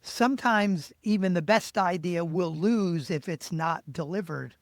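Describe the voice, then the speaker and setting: A man's voice: high-pitched, measured pace, no room sound, studio quality. A man hosting a podcast interview, asking questions in a conversational way and sometimes searching for words. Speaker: podcast host.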